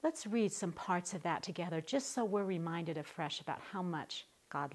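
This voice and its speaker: A middle-aged woman teaching a recorded Bible study lesson to a women's group, warm and encouraging in a conversational way. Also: on the low side, lively intonation, moderate pace, few pauses, faint music behind.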